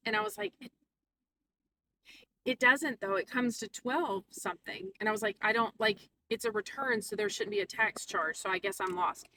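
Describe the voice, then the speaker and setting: A woman vlogging a casual storytime, animated and quoting people in put-on voices. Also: mid-range voice, moderate pace, far from the mic, noisy background.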